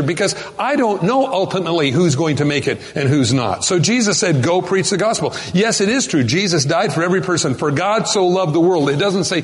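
Emphatic preaching man in a reverberant hall. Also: fairly high pitch. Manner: emphatic preaching, slows down to stress key words. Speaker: pastor. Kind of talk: sermon. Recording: long reverb of a large hall.

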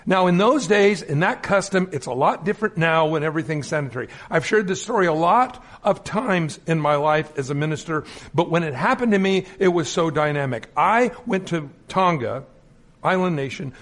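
Male minister, middle-aged, high voice that swoops a lot, acts out anecdotes mid-sermon. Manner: animated storytelling with acted-out quotes.

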